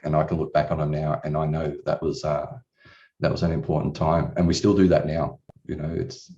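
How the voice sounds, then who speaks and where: A man's voice: extremely low pitch, warm tone. A man in his forties telling his personal story as a coaching client, candid and rambling, with casual swearing. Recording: distant, dull room recording.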